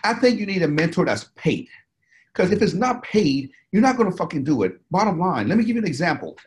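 Fast-talking man telling stories. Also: high-pitched, sing-song, a little mellow. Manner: rambling and profane, with many fillers and restarts. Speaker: interview guest, business owner and bodybuilder. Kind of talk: casual storytelling interview.

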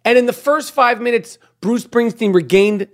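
A middle-aged man hosts a podcast in a casual monologue, his voice pitched extremely high and his pace moderate. He talks bluntly and profanely, rambling and restarting often.

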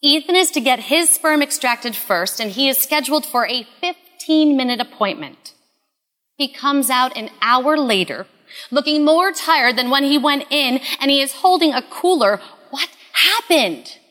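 A woman in her thirties telling a personal story in an earnest, confessional way, often dropping to a hush. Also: high voice, lively intonation, unhurried, big-room sound. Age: 30s.

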